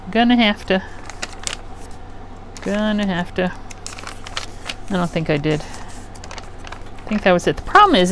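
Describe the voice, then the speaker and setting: A middle-aged woman runs a craft channel from her home craft room, chatting and rambling as she works and often letting sentences trail off. Her voice is low-pitched with vocal fry, and an air conditioner hums faintly in the background.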